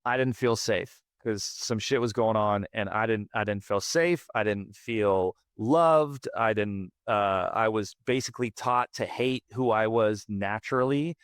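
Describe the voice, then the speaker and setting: A man's voice: on the low side, dry recording, studio quality. A man in his late thirties, a podcast guest, telling a raw personal story in a candid, profane, emphatic way, often repeating his words. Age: late 30s. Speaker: podcast guest, band frontman.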